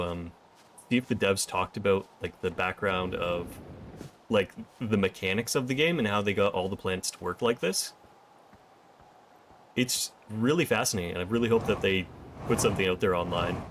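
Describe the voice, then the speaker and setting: A fairly low-voiced man streaming a game, talking through what he finds as he goes. He chats easily with viewers and thanks them by name. Faint ambient noise sits behind him. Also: normal speed. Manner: thinks aloud and chats with viewers. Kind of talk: casual gameplay commentary.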